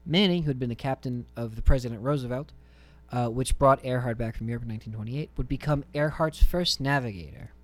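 A man's voice: medium pitch, quick pace. A young man from New Jersey who hosts a radio show, chatting in a jokey way and slipping into silly voices. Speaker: radio host. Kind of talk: casual podcast chat.

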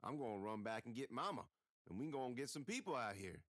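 A man's voice: mid-range voice, big pitch swings, quick pace, fairly bright tone, no room sound, studio quality. A man voicing a tough young girl who speaks bluntly in a rural drawl. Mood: determined.

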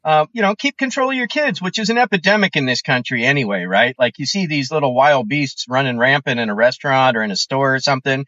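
A comedian guesting on a podcast, talking in an animated, opinionated way and acting out quoted voices. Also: male voice, mid-range voice, fast talker, few pauses, no echo, lo-fi sound. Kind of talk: casual podcast chat.

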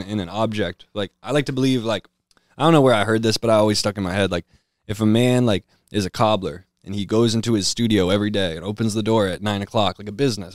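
Low-voiced man telling loose stories. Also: dry recording, clean studio sound. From Western Massachusetts. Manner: loose storytelling with lots of fillers. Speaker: guest rapper. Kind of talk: casual interview chat. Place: house, indoors.

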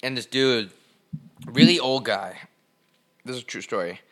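A man's voice: mid-range voice, normal speed. A young man co-hosting a podcast, casually telling stories, swearing freely and acting out the people he quotes. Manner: animated storyteller, swears, acts out quotes loudly. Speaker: podcast co-host. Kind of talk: casual storytelling chat.

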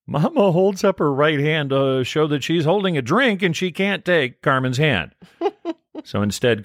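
A man's voice: medium pitch, no room sound. Guy cohost retelling an episode, voice goes up and down a lot, wry, dry mic. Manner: animated storytelling, wry asides. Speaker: podcast co-host. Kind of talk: casual recap narration.

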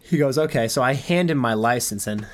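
A man's voice: mid-range voice, fairly quick. A young man casually telling a long story, acting out quoted dialogue along the way. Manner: animated anecdote with quoted dialogue.

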